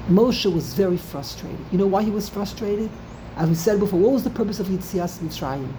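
A woman giving an animated scripture lecture, repeating key phrases for emphasis and using many Hebrew terms. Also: fairly low pitch, slight background noise, low-quality recording. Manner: uses Hebrew terms throughout. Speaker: Torah teacher.

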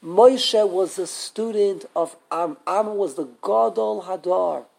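High, gravelly-voiced man teaching a Torah class. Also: slow pace. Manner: animated, quizzes the class, frequent restarts. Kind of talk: live Torah class lecture.

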